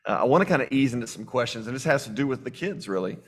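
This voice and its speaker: A man's voice: medium pitch, lively intonation, very fast. A man hosting an interview, affirming and encouraging his guest while he reads out audience chat. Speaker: host.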